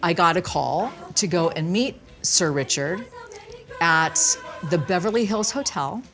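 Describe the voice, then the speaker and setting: A woman guest telling lively stories in a casual interview, laughing often and acting out quotes. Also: lowish voice, a little slow, faint music behind. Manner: animated, laughing, acts out quotes. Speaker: guest dancer.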